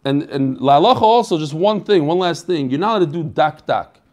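A man's voice: a little high, lively intonation, brisk, darkish tone. A man teaching an online Talmud class in a casual, chatty way, asking questions and answering them himself.

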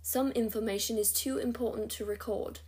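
A woman's voice: fairly high pitch, steady tone, normal speed, darkish tone, lightly acted. A woman voicing a kindly elf leader man with a put-on accent that slips at times.

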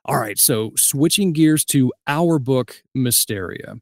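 A man's voice: on the high side, takes it slowly, no echo. A man, a voice actor, chatting casually in an interview and laughing easily. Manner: laid-back, laughs easily, acts out quoted lines. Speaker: voice actor guest and co-host.

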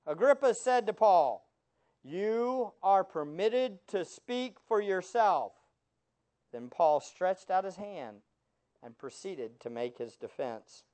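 Lively, animated man preaching a sermon. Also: high voice, slow pace. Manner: animated, asks rhetorical questions of the congregation; sarcastic asides. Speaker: pastor.

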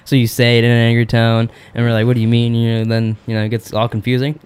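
Casting: young male podcast co-host, rapid-fire recap, mid-pitched, acts out quotes, salty language. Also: monotone, a little mellow, smooth, no echo. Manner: rapid retelling, acting out characters' lines, swears freely. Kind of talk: casual chat recapping a TV episode.

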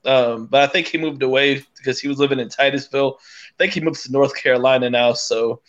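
A man's voice: medium pitch, fairly even intonation, fairly quick, a bit bright, highs cut off. A man chatting casually as a podcast guest, hesitant and full of fillers and restarts. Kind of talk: casual chat.

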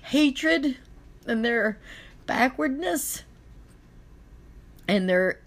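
A woman's voice: high voice, animated, very slow. A young adult woman talking in a casual chat, emotional and impassioned.

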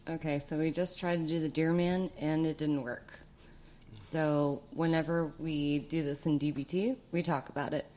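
A woman co-hosting a casual conversation, prompting with questions and agreeing quickly. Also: sits low, steady tone, mellow, rough recording. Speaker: podcast co-host.

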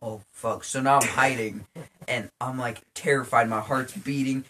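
A man's voice: medium pitch, steady tone, unhurried, pushed and bright, a little hiss or hum. A young man co-hosting a casual podcast, telling a story with lots of swearing and acting out his own startled reactions. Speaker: podcast co-host.

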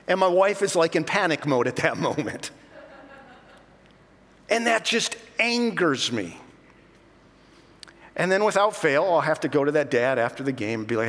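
A middle-aged pastor telling self-mocking stories in an animated sermon. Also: male voice, high-pitched, measured pace, pauses often, big-room sound.

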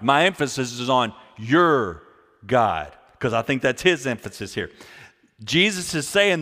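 A male pastor preaching a sermon, repeating key phrases and swinging between loud, emphatic lines and quiet ones. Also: medium pitch, very animated, measured pace. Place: church sanctuary. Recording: long hall reverb.

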